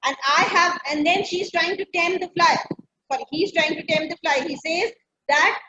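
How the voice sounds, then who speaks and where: A woman's voice: very high-pitched, moderate pace, sharp tone, slight background noise. A female English teacher explaining a poem step by step, often checking understanding with "right?". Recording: echoey room, dull lo-fi sound.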